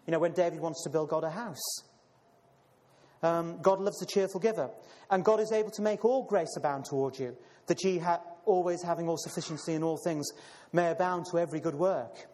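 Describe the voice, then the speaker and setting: A man's voice: fairly high pitch, brisk, darkish tone. A man preaching a sermon and reading scripture, calling listeners brothers and sisters, with many fillers and repeated words. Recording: long hall reverb.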